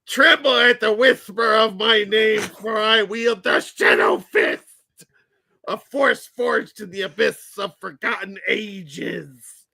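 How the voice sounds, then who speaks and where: Guy doing a big booming fantasy warlord, shouty and super bright, way over the top. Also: slow pace, creaky, full character voice. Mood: grandiose. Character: bombastic dark fantasy warlord, male adult, menacing. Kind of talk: mock-dramatic reading.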